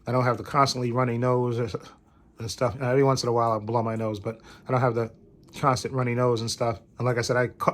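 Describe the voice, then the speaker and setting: A man's voice: medium pitch, a bit bright. Male vlogger with a cold, rambling casual talk from bed, keeps circling back. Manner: rambling, repeats "like I said". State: recovering from a cold.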